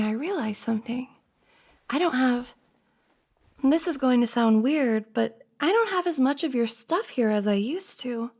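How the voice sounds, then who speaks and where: A flustered young best friend, played by a woman in a whispered role-play, soft and earnest, pleading and stumbling over her words. Her fairly high voice has a gravelly fry at the ends of phrases. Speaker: ASMR roleplay performer.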